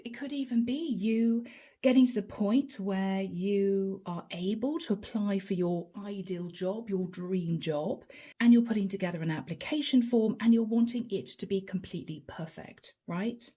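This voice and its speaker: A woman's voice: mid-range voice, mellow, slightly rough. A woman giving a chatty tarot reading straight to her viewers, laughing often and calling them guys. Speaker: tarot reader.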